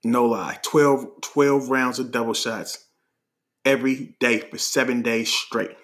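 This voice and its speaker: A man from Oakland with a Bay Area accent, telling a story on a podcast in an animated, slangy way, laughing often as he talks. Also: medium pitch, slow. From Oakland, California. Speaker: podcast host. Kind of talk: casual storytelling.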